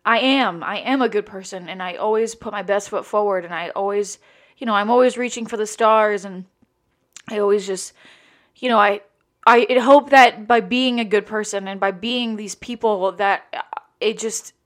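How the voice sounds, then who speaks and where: A woman's voice: mid-range voice, normal speed. A woman hosting a solo podcast, tearful and rambling, with frequent restarts and casual swearing. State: tearful, voice breaking. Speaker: podcast host. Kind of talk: emotional solo podcast monologue.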